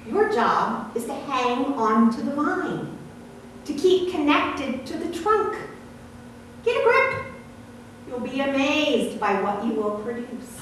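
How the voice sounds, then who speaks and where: A woman voicing a kindly older male farmer gently coaxing his vines in a read-aloud story, recorded from far off in an echoey hall. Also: high-pitched, sing-song, slow pace, slight background noise, voice pushed up, heavily acted.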